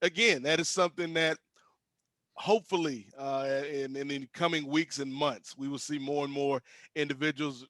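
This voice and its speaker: A man on a talk show panel, speaking in an earnest, measured way. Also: on the high side, steady tone, fairly bright tone, dry recording, studio quality. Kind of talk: casual chat.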